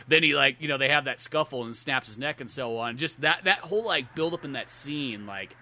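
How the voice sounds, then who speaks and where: A man co-hosting a podcast in casual chat, animated and acting out scenes in quoted voices. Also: medium pitch, brisk, few pauses. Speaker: podcast co-host.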